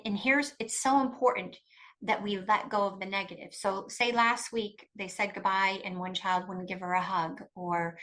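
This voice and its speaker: Bright, emphatic woman explaining. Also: mid-range voice. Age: middle-aged. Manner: emphatic, animated, restarts often. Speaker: guest expert on coercive control. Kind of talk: conversational interview.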